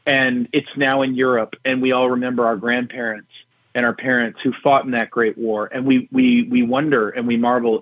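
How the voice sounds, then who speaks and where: Retired general on a tinny phone line. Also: male voice, mid-range voice, moderate pace, dry recording. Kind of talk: political talk show interview. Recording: husky phone-line audio.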